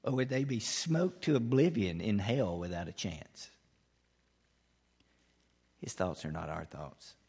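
A man preaching a sermon, his delivery swinging between loud, eager stretches and hushed, quiet lines. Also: on the low side, animated, unhurried, vocal fry, pauses often, husky, in a large hall. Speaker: pastor.

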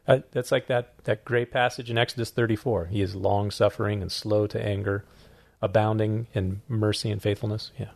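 Man, low gravelly voice, pastor, casual podcast chat, lively storytelling. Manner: storytelling, quick and animated, acts out quotes. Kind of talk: casual chat about sermon questions.

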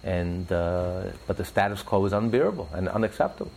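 A man teaching religious ideas in an interview, preacherly, rising sharply in pitch for emphasis and telling stories with acted voices. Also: expressive, fairly quick, creaky, darkish tone, a little hiss or hum, low-quality recording.

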